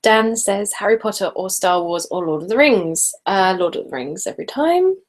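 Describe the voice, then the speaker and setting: A chatty woman, hosting a relaxed live chat for her viewers. She reads out their comments one by one and answers each, breaking into giggles as she goes. Her voice sits at an ordinary middle pitch. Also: normal speed. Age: late 20s. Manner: chatty and giggly, often laughing mid-sentence. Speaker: ASMR channel host.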